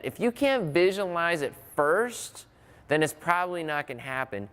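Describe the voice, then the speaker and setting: A man delivers a motivational talk on mental preparation in a conversational way, circling back and restarting his phrases as he works through examples. His voice sits a little high and comes through smooth and resonant. The sound carries a long reverb, as in a large hall. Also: sing-song, normal speed, a bit bright. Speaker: motivational speaker.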